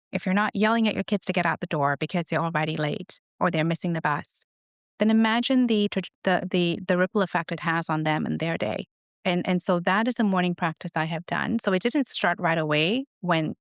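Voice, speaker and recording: A woman's voice: lowish voice, vocal fry, no room sound, studio quality. A middle-aged woman, a guest author, telling stories in an earnest, reflective way during an interview. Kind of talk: conversational interview.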